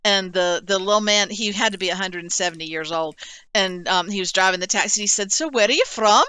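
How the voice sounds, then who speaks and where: A woman from the South Carolina Low Country, a podcast co-host telling chatty stories in casual talk. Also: fairly even intonation, a little fast, pushed and bright, smooth. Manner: storytelling, chatty. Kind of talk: casual chat.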